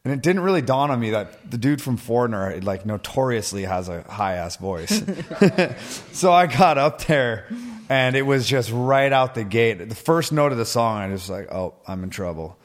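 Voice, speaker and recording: A man's voice: mid-range voice, expressive, moderate pace. A man co-hosting a podcast, chatting loosely, swearing and laughing often. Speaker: podcast co-host. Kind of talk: casual chat.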